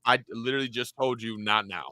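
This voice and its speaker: A man's voice: mid-range voice, fairly even intonation, fast, sharp tone, no room sound. A young man co-hosting a live football watch-along, full of casual jokes, teasing and blunt opinions. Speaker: co-host of a match watch-along. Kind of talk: casual sports banter.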